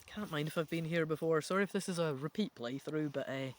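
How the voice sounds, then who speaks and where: A man reading an adventure gamebook aloud, stopping to muse out loud over each choice. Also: fairly high pitch, a little fast, slight background noise. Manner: musing, thinking out loud. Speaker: gamebook reader.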